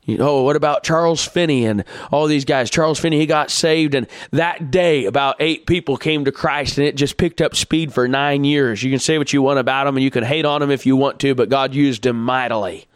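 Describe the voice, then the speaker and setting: A man preaching a sermon, folksy and plainspoken, building to loud exhortation. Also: mid-range voice, a little fast, few pauses, smooth, no room sound, studio quality. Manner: rises from calm teaching to loud shouted exhortation; folksy farm imagery, plainspoken.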